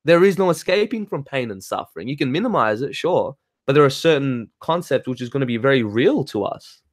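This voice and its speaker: A man's voice: medium pitch, expressive, a little fast, no echo. A man ranting heatedly in casual talk, swearing and laughing as he reads and answers comments. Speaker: spiritual talk host reading chat.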